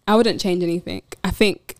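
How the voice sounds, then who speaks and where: A woman's voice: fairly low pitch, big pitch swings, normal speed. A woman hosting a casual podcast chat, chatty, laughing often and restarting her sentences. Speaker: podcast host.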